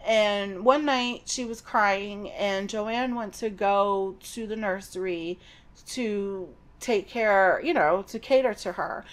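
A middle-aged woman talks through a story she has read. She is casual and conversational, and drifts into personal asides before picking the thread back up. Her pitch sits at a mid level for a woman. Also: slow. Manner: chatty and digressive, with personal asides. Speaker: podcast host recapping a novel. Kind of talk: casual book recap.

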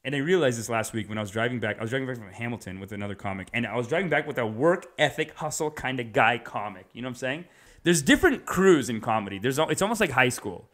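Rambling comedian with an animated delivery. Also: male voice, medium pitch, fast. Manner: animated, digressive, casual swearing. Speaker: stand-up comedian.

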